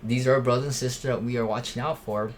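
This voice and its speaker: A man's voice: mid-range voice, fairly even intonation, quick pace. A man speaking off the cuff about watching for threats at church, with a mid-range voice. He rambles, restarts sentences and leans on fillers as he tells it. A faint hiss of noise sits under the recording. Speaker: church safety volunteer. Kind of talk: casual unscripted talk.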